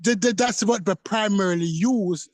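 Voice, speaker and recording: A man with a fairly high voice argues insistently in a heated casual debate, repeating phrases and talking over the others. The sound is dry and close, with no room around him. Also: moderate pace, dry recording. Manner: insistent, interrupts, repeats himself. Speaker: podcast co-host.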